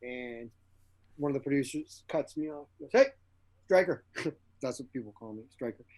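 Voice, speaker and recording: A man as a guest actor in an interview, telling casual stories with animated energy, acting out the quoted dialogue and laughing often. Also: medium pitch, normal speed.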